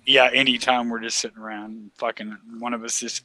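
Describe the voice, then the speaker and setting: A man rambles through a crude story in casual chat, swearing freely and chuckling along the way. His voice is strikingly bright, and the recording is dry and close with no room sound. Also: mid-range voice, steady tone, fairly quick, no echo. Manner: profane rambling storyteller, laughs often.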